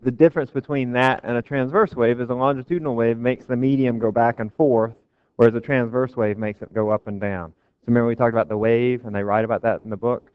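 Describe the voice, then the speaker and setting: A man's voice: medium pitch, steady tone, quick pace, smooth, dry recording. A man giving a physics lecture to a class, casual and joking with his students. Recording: dull, dry lecture recording.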